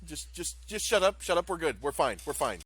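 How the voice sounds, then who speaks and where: A man's voice: a little high, very animated, brisk, a bit bright, husky, no room sound, voice pushed up, full character voice. A man voicing a nervous, grumbling male starship pilot who talks in frantic, insistent bursts.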